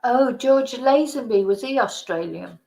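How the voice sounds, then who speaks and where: Slow-talking chatty woman host. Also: fairly high pitch, expressive, vocal fry, warm tone, rough recording. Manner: chatty, laughing, thinking aloud. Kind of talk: casual live-stream quiz chat.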